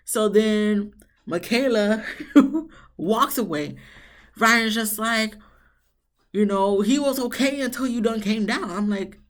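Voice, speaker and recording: A woman's voice: fairly high pitch, slow pace, long pauses. A woman recapping a reality TV episode in a chatty, slangy way, acting out what the people said. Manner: animated storytelling, acts out quotes from the episode. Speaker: reality TV reviewer.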